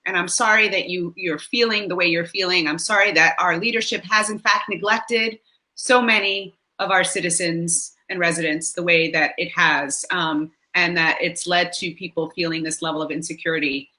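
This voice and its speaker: A woman's voice: on the low side, steady tone, normal speed. A woman who is a mayoral candidate, answering a guest's question with sympathy and frequent fillers. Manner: warm, apologetic, many fillers. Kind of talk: answering a question on a talk show.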